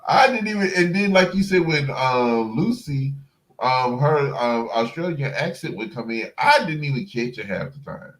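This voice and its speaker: A man guest on a casual livestream chat, talking haltingly with restarts and laughs. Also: medium pitch, expressive, fairly bright tone, low-quality recording.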